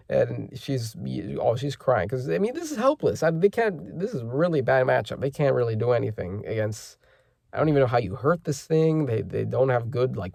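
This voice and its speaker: A man's voice: medium pitch, creaky, a little mellow, no room sound, clean studio sound. A man hosting a casual manga chapter reaction, rambling with lots of fillers and self-corrections as he reads panels aloud.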